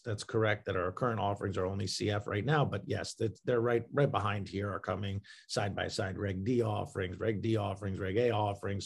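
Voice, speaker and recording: A man's voice: on the low side, creaky, breathy edge. A man who runs a crowdfunding platform, answering interview questions in a loose explanatory way with many fillers and restarts.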